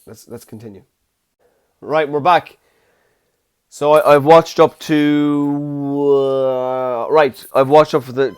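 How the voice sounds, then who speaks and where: A man's voice: medium pitch, smooth. A man with an Irish accent hosting a solo podcast, chatty and jokey, swearing casually. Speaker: podcast host.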